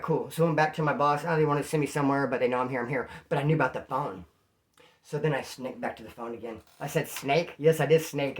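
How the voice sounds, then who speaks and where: A man from California telling a story casually, animated and slangy, acting out what people said. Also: on the high side. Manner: animated, slangy, acts out quotes.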